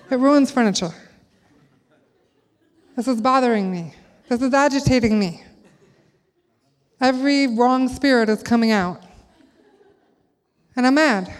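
Middle-aged woman preacher, animated storyteller, higher register, reverberant church hall. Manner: animated, acts out quotes in a high child voice. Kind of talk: sermon with storytelling. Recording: long reverb of a large hall.

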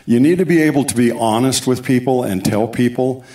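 A man's voice: mid-range voice, fairly quick, mellow. A man giving a sermon testimony, telling his story with asides and quoted dialogue, recorded in a church sanctuary. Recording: echoey church hall.

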